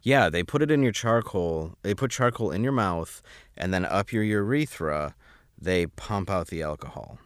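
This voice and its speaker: A man's voice: low-pitched, lively intonation, normal speed, no room sound, studio quality. A man guest telling a wry, self-deprecating story in casual podcast talk. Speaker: guest comedian.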